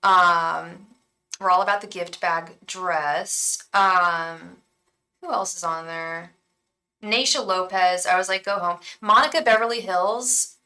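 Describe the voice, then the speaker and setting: A young woman with a bright, sharp-edged voice chats her way through a live tarot reading. She gushes, stumbles over ums and restarts, and drops to a hushed tone to repeat her incantations. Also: fairly low pitch, rough recording. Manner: chatty and effusive, lots of ums and restarts. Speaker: tarot reader and psychic.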